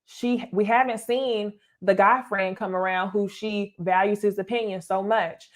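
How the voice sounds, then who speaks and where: Woman, young adult, casual commentary, blunt, animated, swears. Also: medium pitch, a little slow. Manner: blunt, animated, swears, addresses viewers as y'all. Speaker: reality TV commentator.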